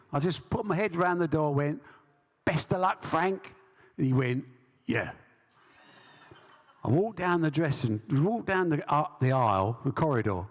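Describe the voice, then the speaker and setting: English man, promoter, anecdotal, acts out voices, fairly high voice, long hall reverb. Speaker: sports promoter, interview guest. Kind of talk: storytelling interview. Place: live stage event.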